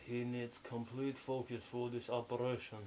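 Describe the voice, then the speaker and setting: Regular-pitched guy, deadpan, narrating steps like a fake news report. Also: moderate pace, slight background noise. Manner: deadpan mock-narration of each step. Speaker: assistant in a mock surgery. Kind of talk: casual joking home video.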